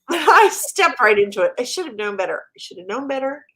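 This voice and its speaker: Middle-aged midwestern woman, guest author; animated storyteller, slightly high voice that swings a lot, laughs often. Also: brisk. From American Midwest. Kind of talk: casual storytelling interview.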